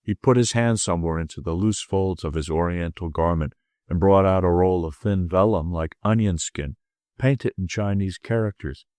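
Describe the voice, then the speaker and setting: Low voiced guy reading a detective audiobook, steady pace, dry close mic. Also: moderate pace, dry recording. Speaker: audiobook narrator. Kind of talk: first-person audiobook narration.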